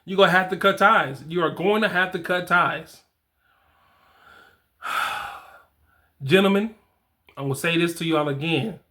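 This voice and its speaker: His voice sits high, pushed and bright, and he talks a little slowly with frequent pauses. He's a fatherhood coach in his forties giving blunt, casual-slang advice to camera, saying key points more than once for emphasis.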